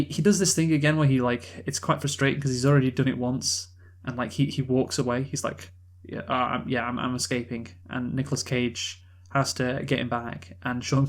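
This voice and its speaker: A man co-hosting a film review podcast, talking in a rambling, casual way with many fillers and restarts, swearing now and then. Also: medium pitch. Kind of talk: casual chat.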